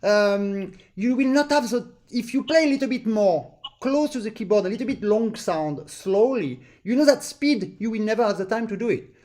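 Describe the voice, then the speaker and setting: High-voiced accordion teacher. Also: male voice, animated, moderate pace, darkish tone. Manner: explains patiently, sings rhythms in syllables. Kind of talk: online master class instruction.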